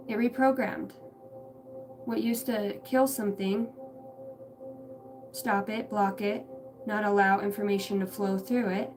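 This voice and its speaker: A woman's voice: mid-range voice, steady tone, slow, long pauses. Woman, spiritual livestream reading, rambling and searching for words, casual swearing, distant mic, music playing behind. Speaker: spiritual channeler. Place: outdoors on a ranch. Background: music, passing pickup trucks.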